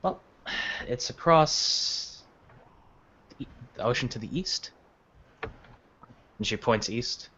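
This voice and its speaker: A man's voice: mid-range voice, expressive, takes it slowly, pauses often, pushed and bright. A man running a tabletop role-play game, talking loosely with many fillers. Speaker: game master. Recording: dull lo-fi voice chat with faint noise.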